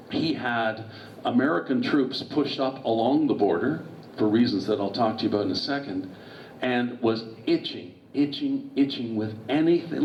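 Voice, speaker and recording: A man's voice: mid-range voice, slight background noise. Man giving a storytelling history lecture, digressive asides, heard from afar, echoey meeting hall, dull muffled sound. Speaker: author and guest speaker. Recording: distant, roomy, dull hall recording.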